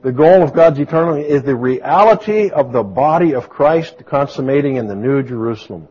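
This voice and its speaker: Husky guy preaching to a church, loud shouts then quiet story bits, kinda dull lo-fi audio. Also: normal speed. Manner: animated, swings from booming exclamations to soft storytelling. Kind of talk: sermon. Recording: dull lo-fi sound.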